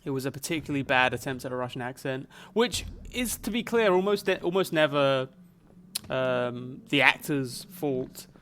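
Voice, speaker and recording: A man's voice: mid-range voice, animated, moderate pace, fairly bright tone, a little hiss or hum. Rambling man streaming a game. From Canada. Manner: rambling, musing aloud, muttering reactions to the game. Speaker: live streamer. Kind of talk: casual chat while playing a video game.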